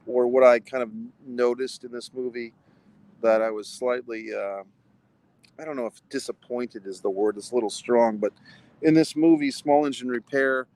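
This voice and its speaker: A vlogger and film reviewer with a mid-range voice reviews a movie in a casual livestream outside a movie theater. He rambles, swears often, and keeps restarting his sentences. The recording is low quality, with no room sound.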